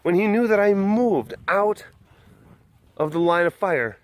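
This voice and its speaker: A man vlogging from an outdoor animal compound in the country, casually chatting and cooing at the cats in a high, playful voice. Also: expressive, unhurried. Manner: coos at the cats in a high, playful voice and laughs often. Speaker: big cat keeper and vlogger. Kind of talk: casual vlog.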